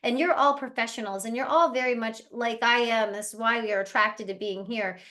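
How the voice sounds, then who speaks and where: A woman with a fairly high voice leads a team training over a video call. Her talk is chatty and lively, and she slips into quick impressions of other people. She sounds like an owner coaching her own staff. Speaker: travel agency owner leading team training. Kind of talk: casual motivational training talk.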